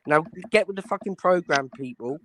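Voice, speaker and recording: A man's voice: fairly high pitch, moderate pace, noisy background. A man hosting a livestream panel, defiant and challenging his critics to come on. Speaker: livestream host. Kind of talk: confrontational livestream talk.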